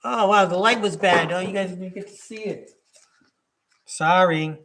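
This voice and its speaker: A man with a rather high voice hosts a live tarot stream in an easygoing, chatty way. He slows down to read card keywords aloud one at a time and talks to viewers in the chat. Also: fairly bright tone, slight background noise. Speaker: tarot reader and livestream host.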